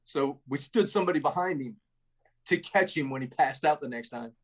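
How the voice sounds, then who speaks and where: A husky, slightly high-voiced middle-aged man spins salty stories as a podcast guest. He talks casually and animatedly, ending lines with "man.". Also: brisk. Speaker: retired army first sergeant, guest. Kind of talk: casual storytelling.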